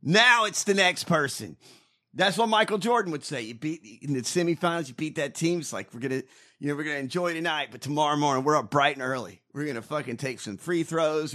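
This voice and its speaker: A man's voice: on the high side, bright, forceful tone. A man co-hosting a podcast, ranting and mocking in casual, profane political banter. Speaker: podcast co-host.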